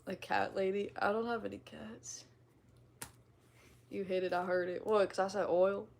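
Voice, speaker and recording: Giggly Midwestern woman with vocal fry. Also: medium pitch, little pitch movement, moderate pace, darkish tone. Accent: slight Midwestern twang. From American Midwest. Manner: giggly, playful, self-teasing. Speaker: streamer. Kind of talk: casual livestream chat reading comments.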